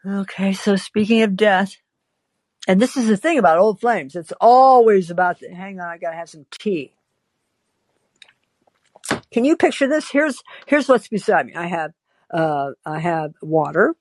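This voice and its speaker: A woman's voice: medium pitch, lively intonation, unhurried, a little mellow, no echo. A woman podcast host telling a story and chatting in a wry, self-interrupting way. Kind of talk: storytelling and call-in chat.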